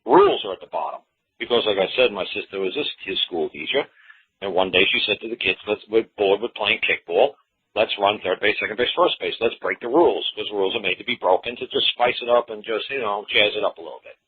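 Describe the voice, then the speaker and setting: A man's voice: fairly low pitch, fast, slightly rough. A man giving a casual, folksy talk on common law. He repeats himself and acts out quoted exchanges. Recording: tinny phone-line audio.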